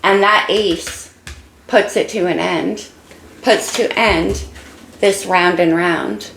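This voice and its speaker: Tarot reader, woman, low gravelly voice that is fading, emotional and encouraging, echoey room with faint hiss. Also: steady tone, takes it slowly, a bit bright. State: losing her voice. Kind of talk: casual tarot reading.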